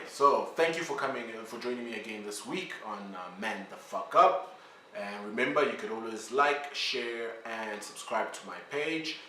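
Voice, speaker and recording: A man from South Africa hosts his own rant vlog, blunt and exasperated and swearing freely. His voice is bright and forceful. He sits a little back from the mic in an echoey room. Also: fairly low pitch, recorded from a distance, slight background noise. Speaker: vlog host. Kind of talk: ranting commentary vlog.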